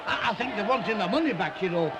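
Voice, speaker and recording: An actor playing a blunt but kindly old man with a Northern English accent, speaking in a slow, dry way. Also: high-pitched, lively intonation. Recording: noisy old TV recording.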